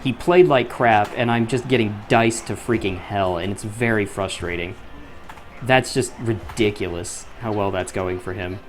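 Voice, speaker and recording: A man's voice: fairly low pitch, moderate pace, faint music behind. A young man commentating his own gameplay, often frustrated, swearing and muttering to himself. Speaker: gaming YouTuber.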